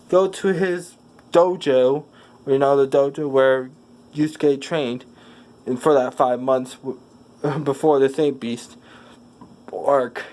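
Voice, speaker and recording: A man with a voice pitched a bit high tells an improvised fan story aloud. He rambles along, often restarting and correcting himself mid-sentence. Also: darkish tone. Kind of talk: improvised fan-fiction narration.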